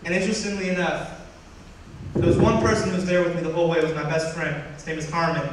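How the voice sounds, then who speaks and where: A young man giving a personal story talk to an audience, animated and acting out what others said. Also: fairly high pitch, fast, very noisy. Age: young adult. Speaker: student speaker. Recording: echoey hall from far off.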